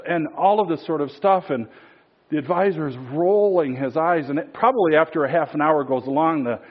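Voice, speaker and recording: A man's voice: on the high side, a little fast, lo-fi sound. A man preaching a sermon in a casual storytelling way, with many fillers and restarts.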